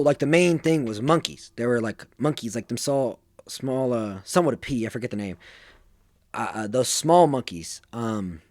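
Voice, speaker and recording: A man's voice: mid-range voice, a little mellow, no echo, studio quality. An eighteen-year-old man telling stories casually, rambling and full of fillers. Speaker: vlogger. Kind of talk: casual storytelling.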